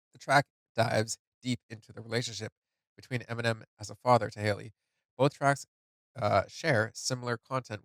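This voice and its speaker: Teary guy reacting to a track, gravelly voice, kinda halting, thinking out loud. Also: fairly low pitch, no room sound. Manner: halting, emotional, thinking aloud. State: tearful. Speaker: music reaction host. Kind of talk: casual song reaction commentary.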